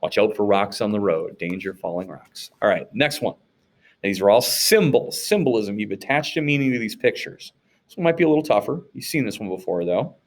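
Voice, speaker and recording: Here an American man teaches in a casual, conversational manner, with a fairly low pitch, lively intonation, and a fairly quick pace. The clip is a recorded classroom lecture recap, and he keeps asking rhetorical questions and saying "okay?" to check in.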